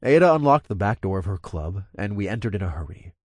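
Expressive male audiobook narrator. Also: on the low side, fast talker, breathy edge, dry recording, studio quality. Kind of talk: first-person fiction narration.

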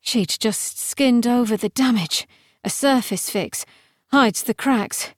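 Woman doing a deadpan young swordswoman. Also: fairly high pitch, slow, no room sound. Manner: dry, carefully neutral, deadpan. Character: young female cavalier, dry and deadpan. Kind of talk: audiobook character voice.

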